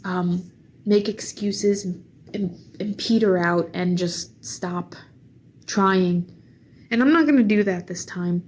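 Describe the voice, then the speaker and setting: Slow, husky, weary woman venting. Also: mid-range voice, darkish tone. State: tired. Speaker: vlogger. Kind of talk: casual venting monologue.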